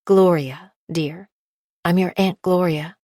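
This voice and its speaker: A woman's voice: lowish voice, fairly even intonation, takes it slowly, mellow, no echo, clean studio sound. A woman voicing an emotional, tearful middle-aged woman who calls people honey and sweetie, in an audiobook.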